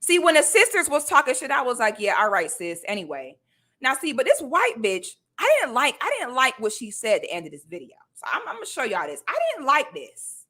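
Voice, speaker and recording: Pitched high, her voice pushed and bright, this vlogger confronts her audience in a casual rant. Sassy side remarks and repeated "okay?" tag questions run all through it.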